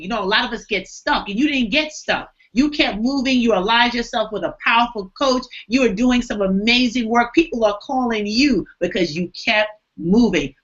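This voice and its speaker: A woman's voice: a little high, fairly bright tone. A woman co-hosting a live online show, enthusiastic and affirming as she talks to the guest. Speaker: show co-host. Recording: dull lo-fi sound.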